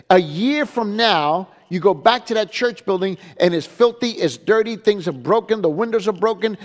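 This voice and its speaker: A man, a pastor, giving a teaching lecture in an emphatic style, repeating phrases and asking "okay?" to drive points home. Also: high-pitched. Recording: long reverb of a hall.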